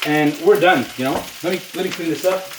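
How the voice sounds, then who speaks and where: A man's voice: a little high, fairly quick, recorded from a distance, background noise. A man chatting to his viewers while he cooks at home, filling his talk with "you know". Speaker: home cook vlogger. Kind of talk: casual cooking video talk. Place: home kitchen. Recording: roomy kitchen sound, voice off-mic, loud sizzle. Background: food sizzling in a pan.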